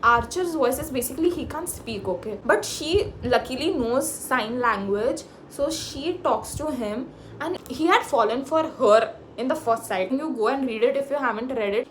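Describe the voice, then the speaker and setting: Excitable young woman gushing. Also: moderate pace, slight background noise. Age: young adult. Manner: gushing and excitable, big pitch jumps, laughs often. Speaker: book vlogger. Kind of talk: casual book review chat.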